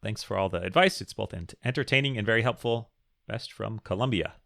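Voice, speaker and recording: A man's voice: lowish voice, a little fast, gravelly, sharp tone, no room sound, studio quality. A man co-hosting a casual podcast, joking around and reading listener questions aloud. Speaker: podcast co-host.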